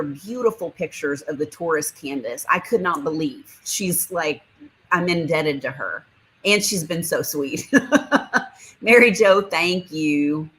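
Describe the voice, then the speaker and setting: Woman, low voice, livestream host, casual chat, reads comments aloud, friendly, laughs a lot. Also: low-quality recording. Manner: chatty and warm toward viewers, laughs often.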